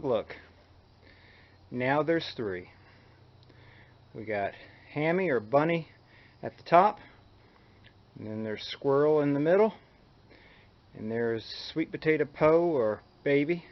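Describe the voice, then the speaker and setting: A man's voice: medium pitch, expressive, unhurried, pauses often, highs cut off. A man vlogging in a casual, folksy way, chatting straight to his viewers about chores around the house. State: out of breath at times. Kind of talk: casual home vlog.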